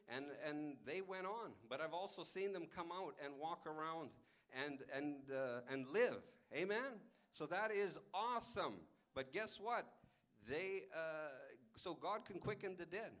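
A high, bright male voice preaching with energy. He presses each point and keeps calling out for an "Amen?" in a lively, forceful sermon. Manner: emphatic, calls out "Amen?" to the congregation. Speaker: pastor.

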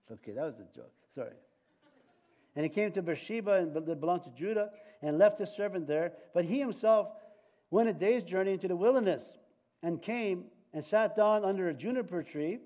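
Male preacher, high voice, sermon, halting, restarts, joking asides. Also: dark tone. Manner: halting, with many restarts and light jokes.

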